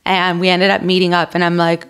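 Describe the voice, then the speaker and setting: Podcast guest: a woman in her thirties, slightly low-pitched, animated storyteller who acts out quotes. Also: fairly quick, smooth. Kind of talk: casual interview storytelling.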